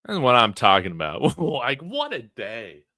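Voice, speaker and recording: A man hosting a college football fan livestream, talking in an excited, brash, trash-talking way. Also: medium pitch, measured pace, no room sound, clean studio sound.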